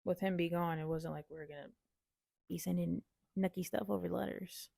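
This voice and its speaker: Young woman cohost, low gravelly voice, dry close sound. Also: steady tone, brisk, mellow, dry recording. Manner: frank, reflective, casual. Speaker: podcast co-host. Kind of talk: casual chat.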